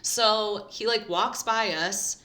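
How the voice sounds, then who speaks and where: Young woman podcast co-host, bright tense voice, animated storyteller for casual chat. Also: slow. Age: young adult. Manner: animated storyteller, jumps high for quoted lines.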